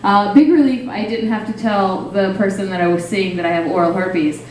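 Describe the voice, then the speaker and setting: A woman's voice: medium pitch, moderate pace, far from the mic, a little hiss or hum. A young woman doing a stand-up set in a small cafe, rambling and self-deprecating, full of fillers. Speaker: stand-up comedian. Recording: very echoey room, faint ambience.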